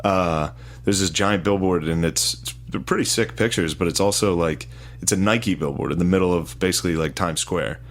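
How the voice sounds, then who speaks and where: Low-voiced laid-back man. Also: moderate pace. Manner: laid-back, short reactions. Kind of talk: casual chat.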